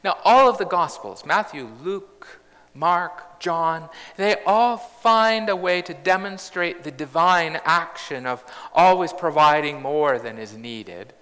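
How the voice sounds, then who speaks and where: A man in his fifties delivers a sermon in a measured, reflective way, breaking into humour now and then. His voice sits a little high and sounds bright and clear. The long reverb of a large church trails behind him. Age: 50s. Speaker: pastor.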